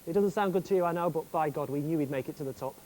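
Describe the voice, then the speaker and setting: A man's voice: a little high, rapid-fire, rough recording. A male compere introducing the next act with brash showbiz patter at a live comedy club. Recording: loud crowd and heavy noise.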